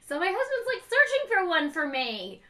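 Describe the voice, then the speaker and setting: A woman's voice: very high-pitched, wildly swooping pitch, moderate pace, pushed and bright. A middle-aged mother chatting frankly and emotionally in a casual home vlog. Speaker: beauty vlogger, mother.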